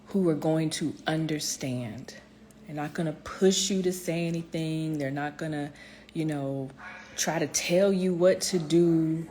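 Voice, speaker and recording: In a sincere motivational vlog, a woman encourages her audience directly, often restarting and using filler words. Her low voice is a little mellow, and a slight hiss or hum can be heard.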